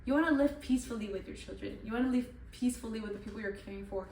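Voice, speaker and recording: A woman's voice: on the high side, fast talker, darkish tone, distant mic. Earnest young woman, echoey and off-mic. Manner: earnest, repetitive, many "like" fillers. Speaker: channel host. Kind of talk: devotional Bible talk. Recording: echoey room, voice off-mic, faint noise.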